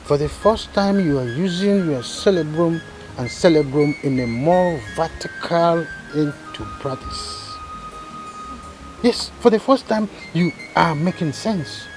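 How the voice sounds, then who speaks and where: A man's voice: on the high side, lively intonation, measured pace, music in the background. An actor with a Nigerian accent playing a pompous, boastful man who misuses big words, in a Nollywood drama. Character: pompous boastful middle-aged man, self-styled scholar. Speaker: pompous younger brother of the chief. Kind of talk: Nollywood film acting.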